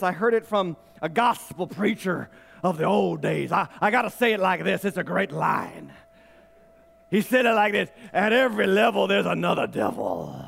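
A male pastor preaching an animated, emphatic sermon, laughing often and repeating his points. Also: sits high, long reverb tail.

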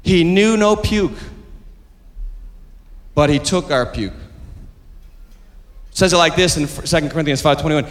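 Male pastor, high voice, emphatic repetitive sermon, long church-hall reverb. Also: takes it slowly, long pauses. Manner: emphatic, repetitive preaching that calls for the congregation to respond. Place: church sanctuary.

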